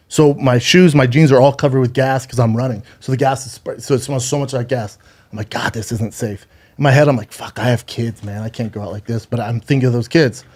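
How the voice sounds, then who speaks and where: A man's voice: on the high side, darkish tone. A man telling a harrowing story. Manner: profane, halting, restarts and repeats words. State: holding back tears. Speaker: podcast host telling a personal story. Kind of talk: emotional storytelling on a podcast.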